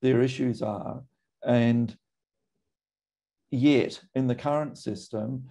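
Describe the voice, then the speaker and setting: A middle-aged Australian man, a GP, speaking in a measured, thoughtful way with frequent pauses and ums. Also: medium pitch, creaky, dark tone. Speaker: GP and medical association guest. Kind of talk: recorded conversation.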